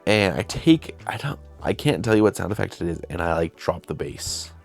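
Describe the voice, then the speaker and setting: A man's voice: low voice, creaky. A young man hosting his own channel, telling a casual, rambling, self-deprecating story about making a film. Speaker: video host and filmmaker.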